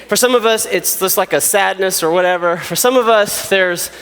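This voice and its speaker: Man, youth speaker, high voice, casual and animated, big reverberant hall. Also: moderate pace, smooth. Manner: chatty, animated, laughs often, many "okay?" check-ins. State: out of breath. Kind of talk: talk to a youth group.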